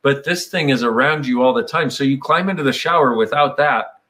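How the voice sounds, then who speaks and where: Speaking a little fast in a bright, pushed mid-range voice, this man chats casually about personal growth. He wanders reflectively through his ideas and now and then drops into playful imitations of quoted speech.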